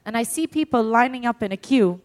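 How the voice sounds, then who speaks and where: Woman, fairly high voice, animated storyteller in casual chat, laughs through her lines. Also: a little fast. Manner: animated, laughs often while telling.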